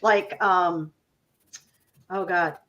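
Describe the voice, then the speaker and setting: A woman in her fifties co-hosting a casual chat, groping for names and telling lively anecdotes. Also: lowish voice, drawn-out words. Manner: searching for words, lively anecdotes. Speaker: co-host. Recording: slightly dull recording.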